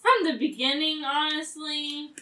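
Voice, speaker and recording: A woman taking part in a tabletop game with a quick, questioning manner. Her high, bright voice comes from a distance off the mic. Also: fairly even intonation. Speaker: player. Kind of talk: casual tabletop play.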